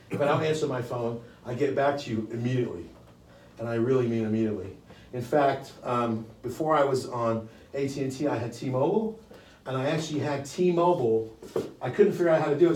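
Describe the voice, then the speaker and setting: A man's voice: mid-range voice, a little mellow, a little hiss or hum. An older man leading a live sales training, brash and blunt, with frequent profanity. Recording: echoey room, distant mic.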